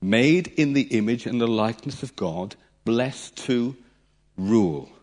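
A man preaching a sermon with animated energy, his pitch swinging widely as he retells stories. He acts out voices and pushes his points with dramatic emphasis. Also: measured pace.

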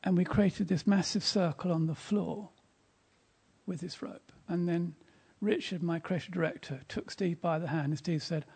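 Man, preacher, gravelly, husky, mellow tone, emphatic storytelling. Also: high voice, steady tone, moderate pace. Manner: emphatic, storytelling, drops to a whisper in quiet moments. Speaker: speaker at a church service. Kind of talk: sermon with storytelling.

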